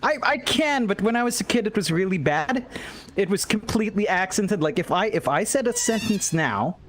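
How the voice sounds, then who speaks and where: A man's voice: sits high, animated, normal speed, fairly bright tone, slight background noise. A man in his twenties from the Philippines, an esports caster chatting casually on a live stream and laughing at himself often.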